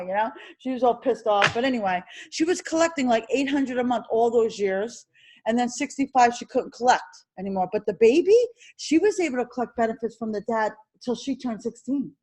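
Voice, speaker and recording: A woman teaching an insurance licensing class, drilling terms over and over and firing questions at her students. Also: on the high side. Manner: animated, repetitive drilling with quick questions to students. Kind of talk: classroom exam-prep lecture.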